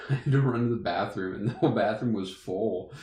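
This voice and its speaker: A man's voice: on the low side, brisk, a little mellow. A young man casually telling a funny story as podcast co-host, laughing often. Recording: echoey room.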